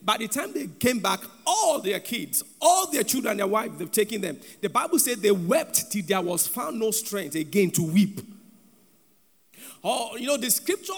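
A man's voice: very high voice, creaky. A man preaching a sermon in a church hall, with a sing-song cadence and calls for the congregation to repeat after him. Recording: long hall reverb with faint background music.

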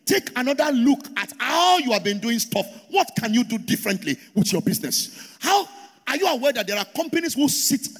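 Animated Nigerian pastor, high and lively. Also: male voice. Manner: animated preaching with call-and-response to the congregation. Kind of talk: sermon. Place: large church auditorium. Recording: long hall reverb.

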